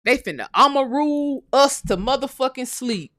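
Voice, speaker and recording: Blunt animated woman streaming to chat. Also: high voice, normal speed, dry recording. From United States. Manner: blunt, animated, swears freely, addresses viewers as y'all. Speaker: livestream host. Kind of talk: casual livestream commentary reading chat.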